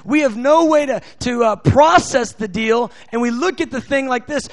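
An American man preaching a sermon, halting and restarting, then building to shouted prayer. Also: very high voice, dry recording. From United States. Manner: impassioned, rising to shouts in prayer.

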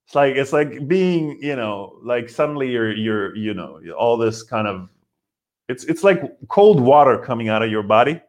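A man's voice: mid-range voice, expressive, normal speed. A man in his forties hosting a live comedy podcast, ranting in a rambling way with lots of restarts and acted-out quotes. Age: 40s. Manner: rambling, frequent restarts and fillers, acts out quotes. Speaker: comedian host.

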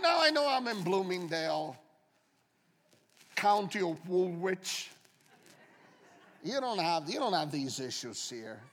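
A man preaching a sermon as a guest speaker, dramatic and joking, swinging from quiet talk to shouting. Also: on the high side, in a large hall.

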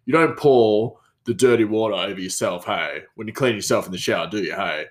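A man's voice: lowish voice, a little fast, lightly acted. Man doing a "hey"-saying chef. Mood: scolding. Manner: tacks "hey" onto every sentence. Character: laid-back male chef ending every sentence with "hey".

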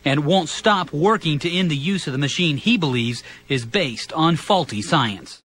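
Brisk male news anchor. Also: on the high side, lively intonation, fairly bright tone, no echo. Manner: brisk, formal news delivery. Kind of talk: broadcast news report.

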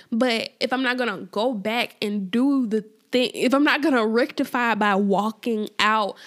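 A woman hosting a casual faith podcast, talking informally with lots of fillers and repeated phrases for emphasis. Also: a little high. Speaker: podcast host.

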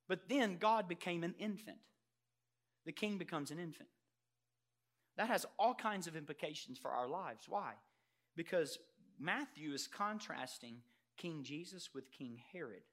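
A male pastor preaching with a high, bright, sharp-edged voice. He swings between soaring, emphatic declarations and quieter, earnest stretches, often throwing questions straight at the congregation. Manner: addresses congregation directly with rhetorical questions. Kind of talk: sermon.

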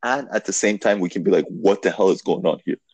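Husky-voiced man telling a story. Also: low voice, fast talker. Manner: animated storytelling, filler-heavy, swears. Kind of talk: casual podcast conversation.

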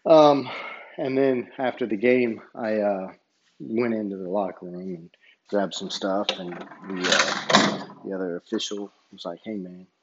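A man's voice: lowish voice, a little slow, lo-fi sound, noisy background. A man who referees basketball, casually telling a story in a rambling way and retelling each exchange line by line. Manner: rambling, retells dialogue with many "I said".

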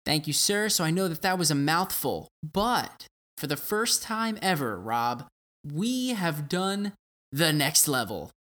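A man's voice: a little high, sing-song, a little slow, fairly bright tone. A young man co-hosting a gaming podcast, playful and teasing, laughing often. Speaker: podcast co-host. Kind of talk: casual podcast chat.

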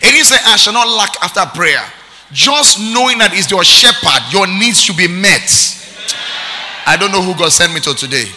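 A male pastor from Nigeria, preaching a sermon with shouted, sing-song call-and-response. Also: high voice, animated, moderate pace, big-room sound, a little hiss or hum.

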